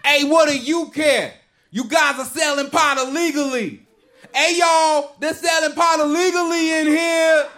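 A comedian acting out a belligerent man customer who yells in a high, strained voice. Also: steady tone, measured pace, exaggerated voice. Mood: yelling.

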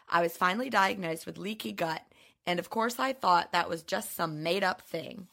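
A hoarse woman with a subtle Southern twang co-hosts a casual podcast, reading listener questions aloud and chatting with easy laughs. Her voice sits fairly low, with a gravelly, creaky edge and a bright, forward tone. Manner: chatty, laughs often, reads letters aloud. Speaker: podcast co-host.

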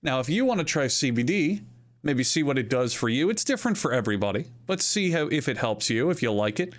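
A man's voice: medium pitch, sing-song, quick pace. A young man hosting a podcast, reading sponsor ads in a playful, rambling, joking way. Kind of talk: comedic ad read.

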